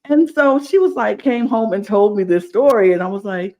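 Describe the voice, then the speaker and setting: A woman co-hosting a podcast, telling a story in a lively, chatty way and acting out the quotes. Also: medium pitch, normal speed. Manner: animated storyteller, acts out quotes. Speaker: podcast co-host. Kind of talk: casual chat.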